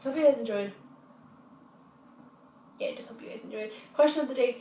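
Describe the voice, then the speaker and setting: A woman's voice: a little high, fairly quick, dark tone, a little hiss or hum. A woman vlogger telling a story in a casual, rambling way, repeating herself and swearing freely, at home in her apartment. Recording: echoey room, mic set far off.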